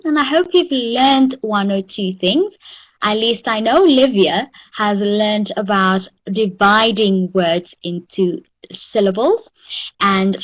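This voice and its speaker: A woman's voice: mid-range voice, poor audio. A woman from South Africa with a South African accent, teaching an online English class and praising her students often. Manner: encouraging, drills words slowly.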